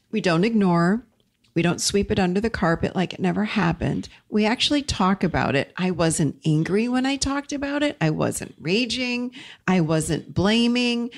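A middle-aged woman hosting a self-help show, talking earnestly through a numbered list of points. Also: mid-range voice. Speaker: podcast host.

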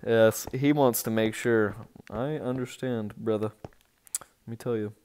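A man giving casual, rambling commentary on a tour of his game village, easily excited and breaking into sudden outbursts. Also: fairly low pitch, unhurried, smooth.

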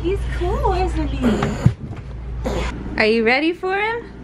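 A woman's voice: extremely high pitch, very animated, takes it slowly, very noisy. A woman vlogging at home, speaking tenderly to her children and laughing often. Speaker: vlogger, mother. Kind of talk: casual family vlog.

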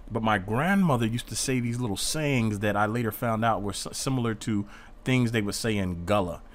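A man's voice: medium pitch, a little hiss or hum. A man teaching an informal Bible study in an earnest, defensive way, reading passages aloud and explaining them.

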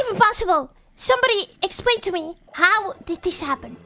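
A woman from Europe commentating her live game stream in an excitable way, often breaking into startled shrieks. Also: very high voice, brisk.

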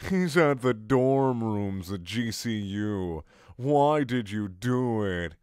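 A man reading as a deadpan young friend. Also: on the low side, takes it slowly, clean tone, no room sound, clean studio sound. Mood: plain. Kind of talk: comic fanfic reading.

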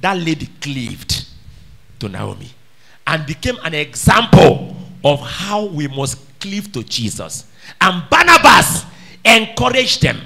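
Man, sermon, high voice, very animated, bright tone, emphatic questions. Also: slow, creaky. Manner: emphatic, calls out questions to the congregation. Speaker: preacher.

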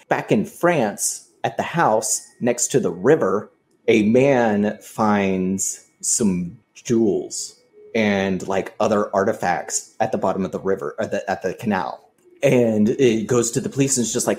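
A man with a low, mellow voice tells a story in a loose, chatty way on a podcast. He acts out each quoted line as he goes and swears freely. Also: moderate pace. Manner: animated retelling, acts out quoted lines, swears casually. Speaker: podcast co-host. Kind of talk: casual storytelling chat.

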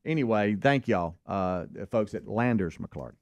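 A man co-hosting a radio show, talking in an easygoing, halting way with many restarts. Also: on the low side, expressive, no room sound. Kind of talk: casual morning-show chat.

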